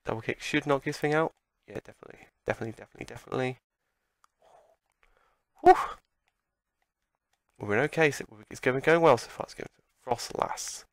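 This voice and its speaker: A man commentating on his own playthrough, his voice gravelly and mid-pitched. He reacts loudly to every turn and argues with the screen, recorded dry and close. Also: a little fast, long pauses, no echo. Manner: excitable, talks back at the game. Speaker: let's play commentator. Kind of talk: gameplay commentary.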